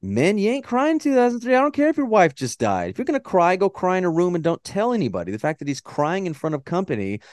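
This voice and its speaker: Animated joking man, dry close mic. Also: high-pitched, quick pace, hardly any pauses, dry recording. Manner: animated, swears freely, jokey. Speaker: podcast co-host. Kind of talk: casual chat.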